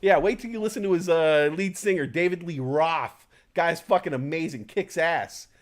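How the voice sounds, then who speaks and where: A man's voice: fairly high pitch, normal speed, close to an everyday voice. A man voicing a boastful, brash male Satan who swaggers and swears a lot.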